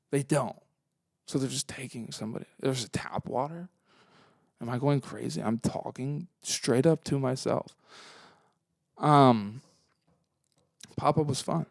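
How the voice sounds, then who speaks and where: A man's voice: mid-range voice, vocal fry, no room sound, clean studio sound. A young man hosting a podcast, talking casually in a rambling, profane monologue that swings into heated rants. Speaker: podcast host.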